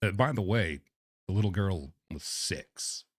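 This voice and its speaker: A man's voice: sits low, expressive, measured pace, no room sound, clean studio sound. A man streaming, reading messages aloud and reacting with sarcastic disbelief. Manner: incredulous, sarcastic.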